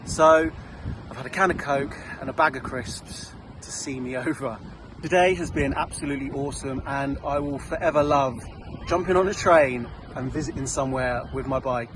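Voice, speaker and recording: A man's voice: mid-range voice, moderate pace, background noise. Upbeat southern English man outdoors. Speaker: cycling vlogger. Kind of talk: casual chat to camera. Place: outdoors, riding trails and roads.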